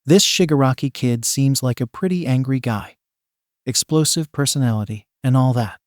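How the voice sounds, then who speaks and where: A man's voice: mid-range voice, moderate pace, no room sound, studio quality, lightly acted. A man voicing a nervous, awkward young woman who mutters her rambling thoughts in a hesitant way, in a storybook reading. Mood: musing.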